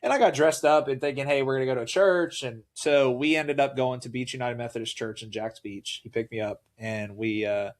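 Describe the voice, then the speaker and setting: A man in casual conversation, recounting a personal story with lively energy. He slips into quoted voices as he goes, keeping the talk loose and conversational. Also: mid-range voice, moderate pace, few pauses. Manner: animated, acts out quoted voices. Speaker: podcast guest.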